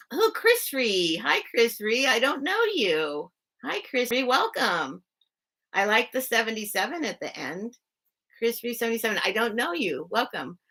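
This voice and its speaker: A woman's voice: mid-range voice, sharp tone. A woman hosting a live sale stream, casually telling a personal story to her chat, full of "like" fillers and greeting viewers by name.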